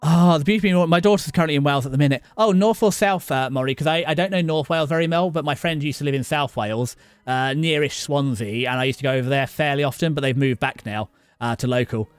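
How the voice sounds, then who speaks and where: Chatting casually over gameplay, this middle-aged southern English streamer speaks in a clear, resonant voice that leans high. His delivery is stop-start with halting restarts, and he names people in chat as he talks. There's no echo, only faint music behind.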